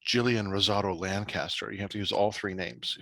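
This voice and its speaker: A middle-aged man, a podcast host and writer, talking in a casual, animated way with many restarts and fillers. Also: lowish voice, a little fast, vocal fry, dry recording. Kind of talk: casual chat.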